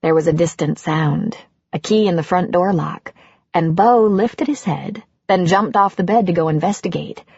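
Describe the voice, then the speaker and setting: A woman narrating an audiobook in a calm, even storytelling manner. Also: on the low side, normal speed, breathy edge, dry recording, lo-fi sound. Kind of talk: scripted narration.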